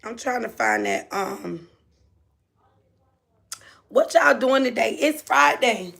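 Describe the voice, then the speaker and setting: A woman's voice: fairly high pitch, animated, slow pace, creaky, fairly bright tone, breathy edge. A woman hosting a casual livestream, chatting with viewers, laughing often and calling them honey and baby. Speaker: livestream host.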